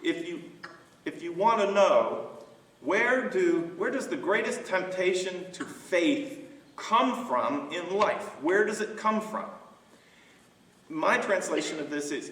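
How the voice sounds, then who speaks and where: Slow, bright-voiced pastor in an echoey hall. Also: male voice, high-pitched, lively intonation. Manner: halting, many fillers and restarts. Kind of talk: Bible study discussion. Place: church sanctuary. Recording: echoey church hall, mic from far off.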